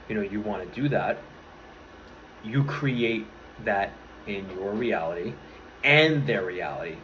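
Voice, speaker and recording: A man's voice: lowish voice, fairly bright tone, slight background noise. Earnest swearing young man, lo-fi. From New York area. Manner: earnest, rambling, swears freely, restarts often. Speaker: vlogger. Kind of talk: casual motivational talk to camera. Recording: slightly dull lo-fi audio with faint room ambience.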